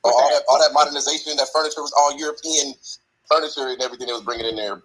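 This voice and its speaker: A man arguing rapidly and insistently in an online voice chat debate. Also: medium pitch, steady tone, a bit bright, husky, low-quality recording.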